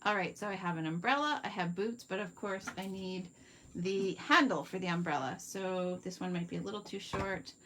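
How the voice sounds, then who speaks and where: A woman's voice: on the low side, normal speed, pushed and bright, a little hiss or hum. Chatty Canadian woman demonstrating crafts. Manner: chatty, talks viewers through each step while working; reads out and answers viewer comments. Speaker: card-making demonstrator. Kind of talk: live craft tutorial. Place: home craft workspace.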